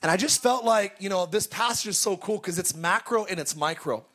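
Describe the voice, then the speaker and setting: A male pastor preaching a sermon at a church service, telling stories and breaking into shouted exclamations. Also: sits high, brisk. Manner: storytelling, bursts into shouted exclamations.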